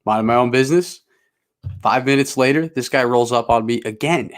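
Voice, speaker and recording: A man's voice: mid-range voice, fairly quick. A man co-hosting a podcast, telling a long casual story in a rambling, self-mocking way and swearing freely. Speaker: podcast co-host.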